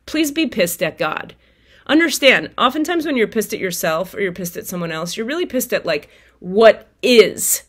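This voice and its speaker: A woman telling viewers a personal story in a casual, animated way, swearing freely and acting out her own outbursts. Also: mid-range voice, moderate pace. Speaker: tarot reader and spiritual vlogger.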